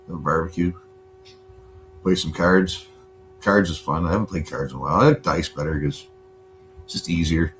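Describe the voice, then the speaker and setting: Man, very low voice, laid-back rambling livestream chat, lots of cursing, faint hum behind. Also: fairly bright tone. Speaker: livestream host. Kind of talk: casual chat. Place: home.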